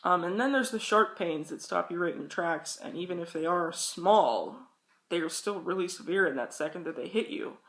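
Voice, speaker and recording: A woman's voice: lowish voice, lively intonation, normal speed. A young woman vlogging casual advice, rambling and chatty and swearing freely. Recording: echoey room.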